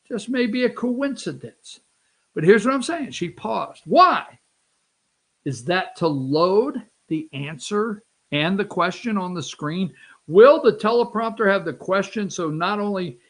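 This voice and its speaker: A host riffs over video clips in an animated, mocking way, talking straight to the viewers. The voice sits in a middle register and keeps jumping between asides and questions. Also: medium pitch. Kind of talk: casual commentary over clips.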